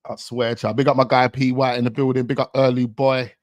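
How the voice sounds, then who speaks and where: A man hosting a casual reaction show, excitable and full of street slang. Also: medium pitch, brisk, no room sound. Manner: excitable, heavy street slang, breaks into laughter. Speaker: host reacting to a rap video.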